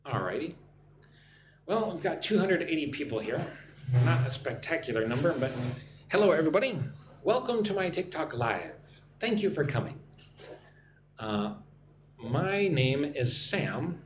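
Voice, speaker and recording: An American man teaching English on a live stream, speaking slowly and repeating phrases for learners to copy. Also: fairly high pitch, very animated, reverberant, a little hiss or hum. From United States. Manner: slow, careful, repeats phrases for learners to shadow.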